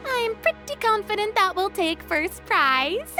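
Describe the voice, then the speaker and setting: A woman's voice: extremely high pitch, sing-song, measured pace, pushed and bright, soft background music, heavily acted. A woman voicing a theatrical, vain young diva in a video game, dramatic and easily flustered. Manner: dramatic and showy.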